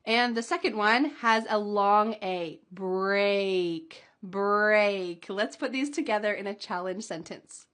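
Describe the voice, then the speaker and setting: A woman teaching English pronunciation, enunciating each demonstration word slowly and clearly and laughing lightly now and then. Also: mid-range voice, fairly bright tone. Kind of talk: pronunciation lesson.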